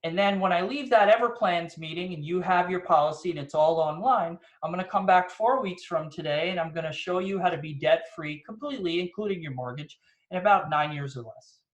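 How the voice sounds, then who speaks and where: Brief: man with a high voice, lively motivational storyteller on a video call, echoey room. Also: brisk, dull audio. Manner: energetic, storytelling, rhetorical questions. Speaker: insurance agent guest speaker.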